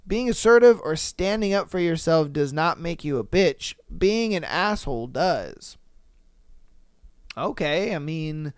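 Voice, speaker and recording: A man's voice: on the high side, expressive, unhurried, clear, resonant tone, dry recording, studio quality. A man hosting a podcast in casual chat, reacting to listener comments in a blunt, profane way. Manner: blunt, profane, keeps asking "you know what I mean". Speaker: podcast host.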